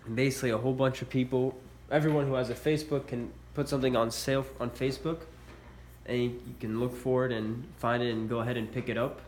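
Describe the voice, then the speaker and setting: A man talks fast in a steady, medium-pitched, darkish voice, stuffy from a cold, while showing military collectibles in a casual vlog. He is hesitant and leans on many uhs. Echo and faint background noise color the recording.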